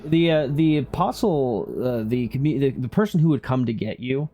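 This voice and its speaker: A man serving as game master for a tabletop game, narrating between frequent fillers. His voice sits at an ordinary middle pitch, with faint music behind him. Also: moderate pace, mellow. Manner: hesitant, many fillers.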